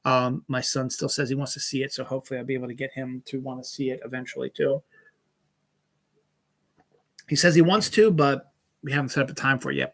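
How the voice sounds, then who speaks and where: A man's voice: mid-range voice, sharp tone. A man hosting his own podcast, chatting in a loose, rambling way with many fillers. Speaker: podcast host. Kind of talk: casual solo chat.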